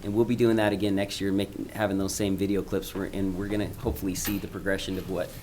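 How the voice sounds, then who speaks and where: A man with a very low voice gives a school update at a board meeting. He talks informally, stopping and restarting with plenty of ums. A faint hiss sits under his voice. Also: flat delivery, fast, a little mellow. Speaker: school principal presenting to a school board. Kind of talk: presentation at a public meeting.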